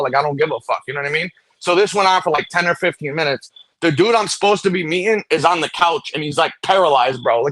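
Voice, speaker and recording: A man, telling a profane story fast in casual late-night chat and acting out the people in it. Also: a little high, fairly bright tone, no room sound. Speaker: host.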